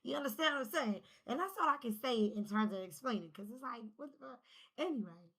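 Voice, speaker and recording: Husky-voiced woman giving a spiritual reading. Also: on the high side, fairly quick, rough recording. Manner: animated, drops to whispers, swears, laughs often. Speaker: spiritual reader.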